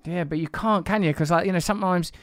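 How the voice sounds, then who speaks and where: A man's voice: sits high, fast talker, fairly bright tone, smooth, no echo, clean studio sound. A man, hosting a podcast in a rambling, self-deprecating way and swearing casually. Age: 40s. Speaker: podcast host.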